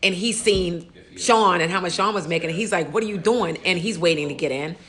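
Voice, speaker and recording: A woman's voice: lowish voice, fairly quick, fairly bright tone. A woman who is an insurance agent and host, talking candidly in a casual interview and telling stories with quoted asides.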